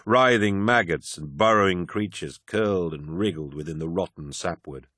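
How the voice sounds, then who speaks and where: A man narrating an audiobook in a measured, grave manner. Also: deep voice, pushed and bright, no echo, studio quality.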